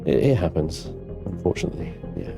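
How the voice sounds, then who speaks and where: A male streamer talks through his game live, joking and swearing with his chat. His voice sits on the low side. Soft music plays quietly underneath. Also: animated, brisk, gravelly. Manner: chatty, swearing, banters with chat. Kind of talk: live gameplay commentary.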